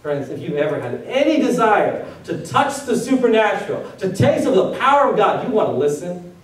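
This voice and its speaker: A man's voice: sits high, very animated, normal speed. A man preaching a sermon as pastor, firing off rhetorical questions at his congregation. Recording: very echoey room, voice from a distance.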